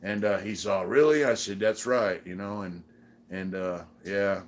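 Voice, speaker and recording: A man's voice: deep voice, level tone, measured pace. A middle-aged man from San Diego hosting a casual livestream, telling prison stories in a rambling, profane way with many fillers. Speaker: channel host.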